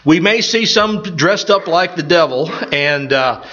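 A man's voice: on the high side, lively intonation, measured pace, pushed and bright. Older man preaching in a folksy, rambling way. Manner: rambling, folksy storytelling with many restarts. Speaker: pastor. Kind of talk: informal sermon with personal stories. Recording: slightly dull, lo-fi sound.

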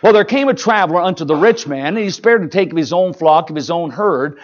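A pastor preaching a sermon, folksy and emphatic, mixing jokes with rising exhortation. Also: male voice, sits high, lively intonation, fairly quick, dull audio.

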